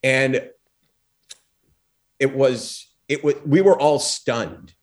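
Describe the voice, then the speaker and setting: A former talk show host telling lively stories as a podcast guest, acting out quotes and using lots of fillers. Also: male voice, mid-range voice, drawn-out words. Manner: animated storyteller, acts out quotes, frequent fillers. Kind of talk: storytelling in a podcast interview.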